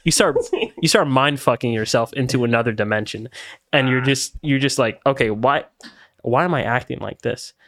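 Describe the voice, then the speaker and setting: A man's voice: medium pitch, normal speed, a bit bright, no echo, studio quality. A young man co-hosting a podcast, laid-back and streetwise, dropping slang like "bro". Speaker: podcast co-host. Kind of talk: casual chat.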